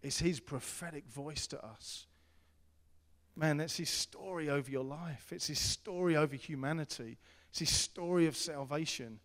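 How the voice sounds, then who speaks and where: Earnest preacher in a reverberant hall. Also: male voice, on the high side, moderate pace. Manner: earnest, repetitive, swings from loud to hushed. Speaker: pastor. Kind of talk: sermon.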